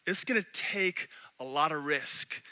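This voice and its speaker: A man preaching a sermon in a church, animated, swinging between loud and hushed. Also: a little high, a little slow, smooth. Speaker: pastor.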